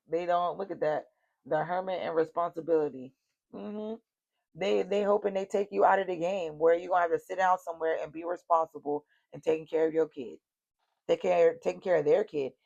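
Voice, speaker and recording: A woman gives a casual tarot reading, addressing her viewers bluntly, cursing freely and repeating her warnings. Her voice is low, creaky and a little mellow.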